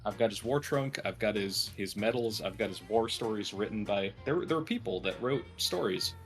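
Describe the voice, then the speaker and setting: A man's voice: fairly low pitch, animated, normal speed, soft background music. A man telling a long rambling anecdote to friends over voice chat while gaming, with many restarts. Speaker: gamer in group voice chat. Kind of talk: casual storytelling chat.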